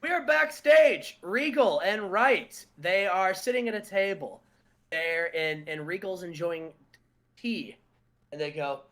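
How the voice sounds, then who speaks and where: A man's voice: sits high, lively intonation, slow, fairly bright tone. A man hosting a wrestling booking game, narrating matches and backstage scenes in casual chat, often laughing at himself.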